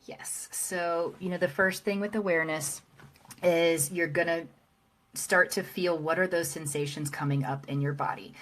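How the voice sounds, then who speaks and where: A woman guest on an interview, talking as a parenting coach in a calm, halting way with many fillers and restarts. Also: on the low side. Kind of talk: casual interview talk.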